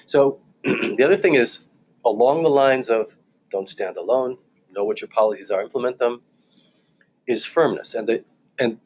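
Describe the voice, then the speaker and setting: A man teaching church leaders in a calm, measured seminar talk, often restarting his phrases and repeating key points. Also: mid-range voice, slight background noise. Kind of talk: recorded seminar lecture.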